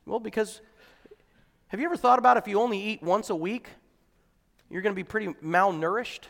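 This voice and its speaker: A pastor preaches in a conversational way, then swells into fervent, emphatic exclamations. His voice sits very high and rings bright and forceful. The sound carries the long reverb of a church hall. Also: steady tone, a little fast, creaky. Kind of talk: sermon.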